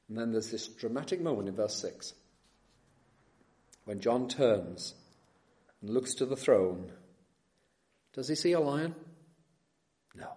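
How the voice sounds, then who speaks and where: Delivering an expository sermon at medium pitch, this man alternates quiet and loud emphasis, slows down to stress important words, and puts questions to his listeners.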